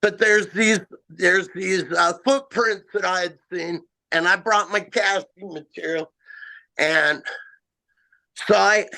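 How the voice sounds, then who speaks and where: A man telling a first-person encounter story in a halting, rambling way, full of "you know" and "uh" fillers. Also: high voice, vocal fry, sharp tone. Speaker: eyewitness guest.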